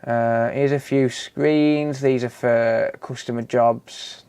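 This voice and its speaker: A man's voice: mid-range voice, steady tone, slow, creaky, a little mellow, clean tone. Chatty British man hosting a live stream. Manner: chatty, reads out and answers viewer comments, swears casually. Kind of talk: casual live-stream chat.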